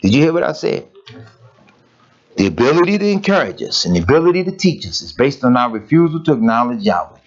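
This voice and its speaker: A man's voice: medium pitch, sing-song, fast talker. A man preaching a sermon, driving his points home with blunt, emphatic rhetorical questions and casual, plain-spoken phrasing. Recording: dull lo-fi recording.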